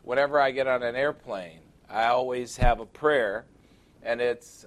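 A man preaching to a gathered class about prayer through a body microphone. He mixes teaching with joking asides and slows down to lean on key points. His voice sits at an ordinary middle pitch for a man. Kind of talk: sermon. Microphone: wireless body microphone.

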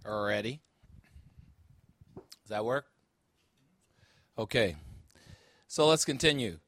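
A man's voice: fairly low pitch, takes it slowly, a bit bright. A man from Chicago preaching a sermon as pastor into a handheld microphone, pressing the congregation with emphatic rhetorical questions. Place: church.

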